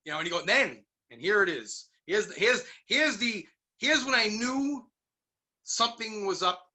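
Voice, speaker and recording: A middle-aged man from New York telling stories in a casual interview, animated and acting out the voices of people he quotes. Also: high-pitched, moderate pace. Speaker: guest musician.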